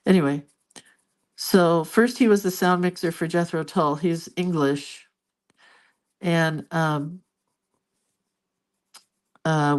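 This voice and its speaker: An older woman chatting casually as she colors, rambling into stories with soft, murmured asides at her art desk. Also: on the low side. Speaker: art vlogger. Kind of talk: casual chat while coloring.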